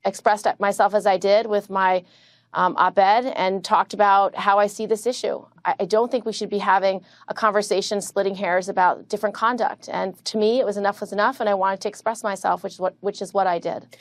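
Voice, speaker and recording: A woman's voice: mid-range voice, steady tone, no echo. Woman senator talking on a news interview, earnest, kinda careful, some ums, dry sound. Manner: earnest, measured, some hesitant fillers.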